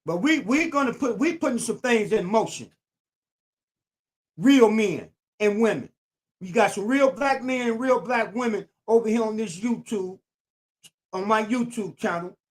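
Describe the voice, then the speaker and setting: At a measured pace and in a high voice, an older man preaches in AAVE. He's a YouTube channel host giving a streetwise commentary monologue, repetitive, emphatic, and preachy in manner.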